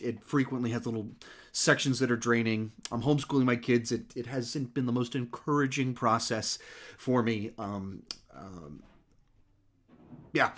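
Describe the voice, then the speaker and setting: Male streamer host, relaxed chat, winded, lots of ums and restarts. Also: medium pitch. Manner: rambling, many fillers and restarts. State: slightly out of breath. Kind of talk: casual live-stream Q&A.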